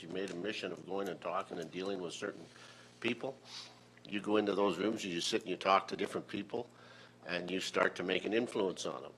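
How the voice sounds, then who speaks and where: A man's voice: low voice, fairly bright tone. A man from Alberta speaking as a county councillor in a council debate, plainspoken and earnest, repeating his points. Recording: faint hum under the voice.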